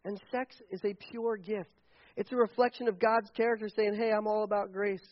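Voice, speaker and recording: A man preaching a lively, joking sermon as pastor to a congregation, with frequent restarts. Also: sits high, moderate pace, dry recording, muffled recording.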